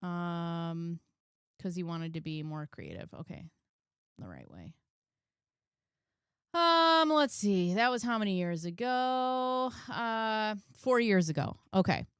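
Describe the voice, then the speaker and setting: Slow, smooth-voiced woman musing. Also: fairly low pitch, expressive, no room sound, clean studio sound. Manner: slow, musing, filler-heavy. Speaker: reaction video host. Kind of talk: casual video reaction chat.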